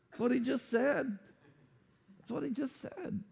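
A man preaching a sermon, animated and playful, acting out quotes for humor. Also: very high voice, a little slow, creaky, slightly rough. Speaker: pastor.

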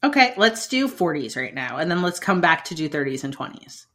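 A woman co-hosting a casual podcast chat, animated, laughing and swearing as she talks. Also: deep voice, a little fast. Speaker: podcast co-host.

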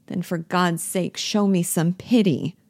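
A woman's voice: fairly low pitch, steady tone, unhurried, darkish tone, no echo, clean studio sound. A woman reading the part of a bitter, jealous young wife who pleads with her lover and mocks her husband. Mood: pleading. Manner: reproachful, cutting, pleading. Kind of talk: play reading.

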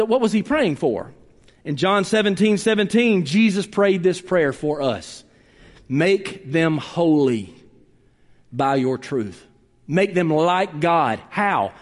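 Guy preaching, kinda high voice, big swings from loud to hushed, churchy echo. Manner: preaching with dramatic drops to a hush and rising emphasis. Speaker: pastor. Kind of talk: sermon. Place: church sanctuary. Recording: reverberant church hall.

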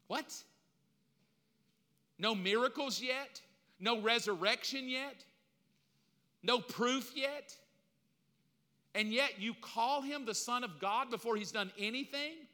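A man's voice: very high-pitched, slow, long pauses, pushed and bright. A man preaching a sermon, emphatic and repetitive, with casual slang mixed in. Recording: long reverb of a large hall.

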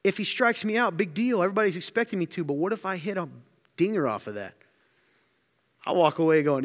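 A man preaching a sermon in an energetic, joking, conversational way. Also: sits high, a little fast, long reverb tail. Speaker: pastor.

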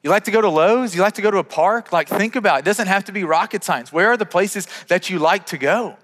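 Guy pastor preaching, kinda high voice, chatty, stumbles on his words a lot, big echoey hall. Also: fast, fairly bright tone. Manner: conversational, repeats words when starting sentences. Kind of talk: sermon.

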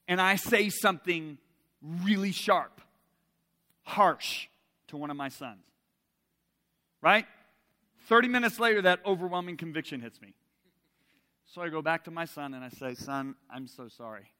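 A middle-aged man preaching a sermon, swinging from loud emphasis to soft intimacy and asking the audience direct questions. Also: high voice, lively intonation, measured pace, pauses often, big-room sound.

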